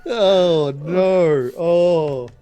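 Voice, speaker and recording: A man's voice: sits high, extremely slow, over music. A man who is a player in a tabletop game, chatting casually with short replies and frequent laughs. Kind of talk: casual chat.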